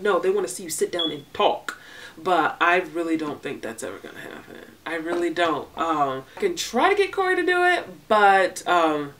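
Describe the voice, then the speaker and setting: A woman's voice: mid-range voice, far from the mic. A young woman vlogger answering viewer questions in a casual, laid-back way, breaking off to talk to her baby. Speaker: beauty and hair vlogger. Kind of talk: casual Q&A vlog.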